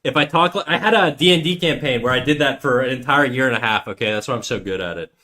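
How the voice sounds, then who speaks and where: A man's voice: mid-range voice, fast, sharp tone. A man chatting casually on a livestream while he draws, joking and playfully defiant as he argues with his chat.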